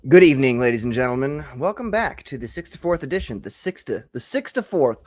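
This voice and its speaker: A man's voice: mid-range voice, expressive, fairly quick, darkish tone. A man hosting a casual live-streamed chat show, joking, laughing often and tripping over his words. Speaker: talk show host.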